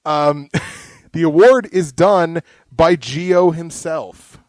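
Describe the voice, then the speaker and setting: A man's voice: a little high, extremely slow, no echo. A young man co-hosting a casual live podcast, chatty and rambling, laughing often. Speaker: podcast co-host.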